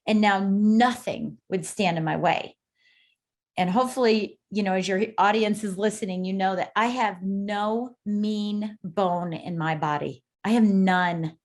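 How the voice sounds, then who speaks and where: Emphatic, animated woman guest. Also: medium pitch. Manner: emphatic, animated storytelling with repeated fillers. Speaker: podcast guest. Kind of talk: casual interview conversation.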